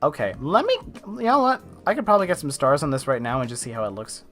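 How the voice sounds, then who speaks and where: A laid-back man talks his way through a live drawing session. He rambles and corrects himself as he goes, with soft lo-fi music playing faintly behind him. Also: a little high, wildly swooping pitch, fast talker. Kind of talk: casual chat while drawing.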